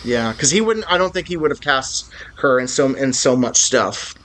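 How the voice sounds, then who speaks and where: A man's voice: medium pitch, lively intonation, normal speed, a bit bright. A man co-hosting a podcast about films, chatting casually and with enthusiasm, often restarting his sentences. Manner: enthusiastic, rambling, many self-restarts. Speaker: podcast co-host. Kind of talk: casual film-discussion chat.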